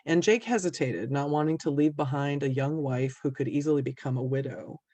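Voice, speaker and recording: A woman from a museum narrating a local history story calmly and clearly, with small fillers. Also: sits low, fairly quick, no room sound. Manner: calm, explanatory, with small fillers. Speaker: museum presenter.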